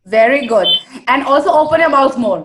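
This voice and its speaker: Woman, trainer, high voice, brisk corrections, repeats model lines. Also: lively intonation. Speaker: spoken English trainer. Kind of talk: one-on-one English coaching.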